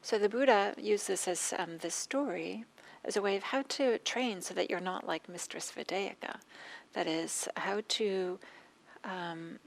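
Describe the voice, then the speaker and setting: A woman meditation teacher giving a dharma talk, with a scratchy throat, telling stories in an unhurried way that often trails into soft whispers. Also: mid-range voice, vocal fry.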